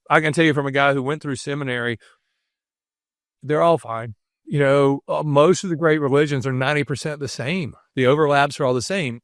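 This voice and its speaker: A man's voice: on the high side, no echo, studio quality. A middle-aged man, a podcast guest, talking earnestly and telling reflective stories with quoted dialogue. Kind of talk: reflective storytelling.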